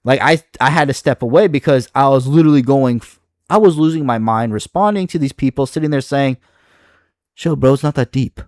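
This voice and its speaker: A man's voice: medium pitch, a little fast, darkish tone, no echo, clean studio sound. A man reacting to online comments in his video, exasperated and profane, rambling with frequent restarts. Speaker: video creator.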